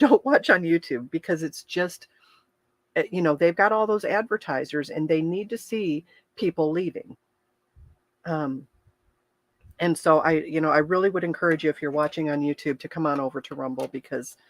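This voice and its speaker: A woman's voice: on the low side, no echo. A woman hosting a livestream as a health coach, talking candidly and chattily to her viewers, often restarting sentences and openly emotional, laughing through tears. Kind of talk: casual livestream talk to viewers.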